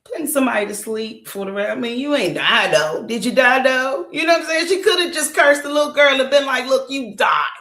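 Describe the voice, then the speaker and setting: A woman's voice: high-pitched, fairly quick, hardly any pauses. Woman podcaster in an echoey room. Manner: animated, emphatic, colloquial, asks listeners rhetorical questions. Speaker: podcast host. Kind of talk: casual storytelling commentary. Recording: roomy echo.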